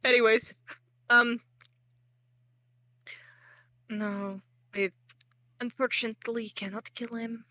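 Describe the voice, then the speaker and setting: A woman's voice: on the high side, steady tone, a little slow, pushed and bright. A young woman narrating as game master in a casual, rambling way, full of fillers and joking at herself.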